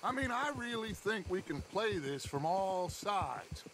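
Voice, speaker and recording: A smooth-talking outlaw boss. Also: male voice, high voice, expressive, measured pace, noisy background. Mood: scheming. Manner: grand, persuasive speechmaker. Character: charismatic middle-aged male outlaw gang leader. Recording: game audio with outdoor ambience.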